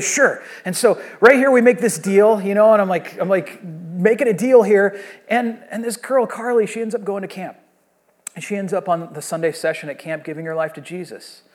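A man's voice: on the high side, quick pace, darkish tone. A man in his thirties, a pastor preaching a sermon and telling a long story in a conversational way with frequent restarts.

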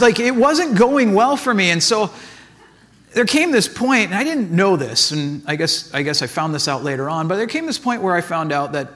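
A man's voice: high voice, fairly bright tone. A man giving a casual, conversational sermon as a pastor, telling stories in a chatty way full of "like" and acted asides.

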